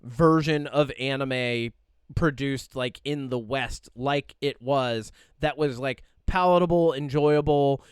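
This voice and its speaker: A man's voice: medium pitch, slow, clear, resonant tone, no room sound, clean studio sound. A man co-hosting a podcast in casual chat, rambling animatedly with lots of fillers and quoted asides. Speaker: podcast co-host.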